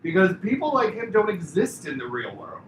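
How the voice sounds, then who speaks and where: A middle-aged man, a former talent agent, telling an animated, laughing story as a memorial tribute, with a lot of filler "like"s and self-corrections. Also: sits high, fairly quick. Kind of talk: anecdotal eulogy storytelling. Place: indoor memorial gathering. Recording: distant mic in a reverberant room with noise.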